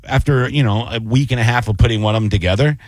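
A male comedian co-hosting a radio show, telling stories in a loose, animated way and swearing casually. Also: mid-range voice, quick pace, no echo. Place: radio studio.

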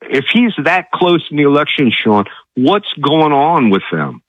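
A man's voice: a little high, sing-song, a little slow, no room sound. Friendly male radio caller from Virginia. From Virginia, USA. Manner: friendly, chatty, indignant. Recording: dull phone-in line.

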